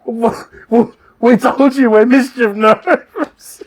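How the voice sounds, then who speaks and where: A man's voice: steady tone, slow, exaggerated voice. A man voicing a pack of small, sly, mischievous male garden gnomes in a whiny, pleading put-on voice. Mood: gleeful. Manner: high whiny pleading, stretched-out words.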